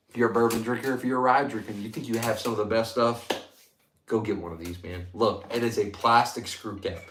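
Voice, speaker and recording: A man hosting a casual whiskey livestream, chatting loosely and getting excited as he reads out and thanks viewer comments. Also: medium pitch, a little hiss or hum. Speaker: livestream host reviewing whiskey. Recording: echoey room.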